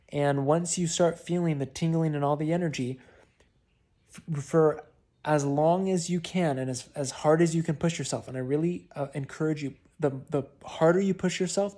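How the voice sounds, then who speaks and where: A man's voice: on the high side, dark tone. A man talking a private client through breathwork, in an informal, encouraging way. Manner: encouraging, informal, with frequent sighs and demonstrated laughs. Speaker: breathwork coach. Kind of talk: spoken breathwork instructions.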